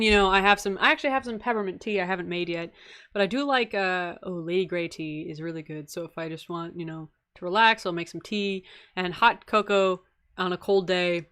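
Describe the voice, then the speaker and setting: A woman's voice: lowish voice, fairly bright tone. A young woman streaming a game, chatting casually and answering viewer questions with frequent laughs and rambling asides. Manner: chatty, giggly, laughs often between answers; rambling, with many fillers and asides. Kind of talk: casual live-stream chat.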